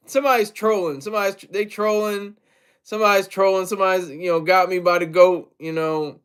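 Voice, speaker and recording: A man's voice: sits high, a little fast, clean tone. A man hosting a casual livestream, rambling with many fillers and repeats, and asking viewers for tips. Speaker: livestream host.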